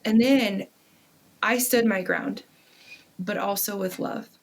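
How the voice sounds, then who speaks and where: A woman's voice: mid-range voice, slow pace. Earnest woman telling a family story. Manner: earnest, animated, swears casually. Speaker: podcast guest. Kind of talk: casual conversational storytelling.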